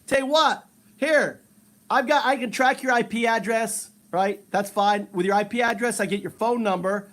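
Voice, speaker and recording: A man's voice: high voice, fairly even intonation, normal speed, few pauses, a bit bright. A man hosting a casual live stream, chatting with strangers in a playful, teasing way and laughing often.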